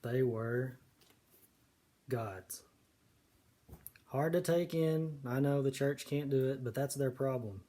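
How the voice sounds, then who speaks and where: A man giving casual, earnest commentary on scripture, stressing key words slowly. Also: medium pitch, warm tone. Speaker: video preacher.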